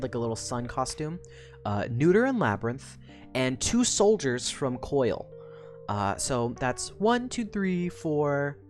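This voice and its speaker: Very deep-voiced woman streamer. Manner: casual, swears freely, rambling with fillers. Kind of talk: casual livestream recap of a book.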